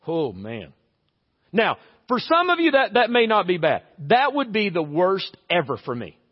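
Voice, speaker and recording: With a strikingly high voice and big pitch swings, a pastor gives a chatty, humorous sermon, acting out quick everyday scenes. The church sanctuary lends a long reverb, and the recording sounds a bit dull.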